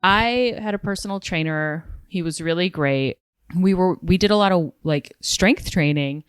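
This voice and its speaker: A woman's voice: lowish voice, normal speed, smooth, no room sound, clean studio sound. A woman, a guest comedian, telling stories on a casual podcast, acting out quotes and swearing freely.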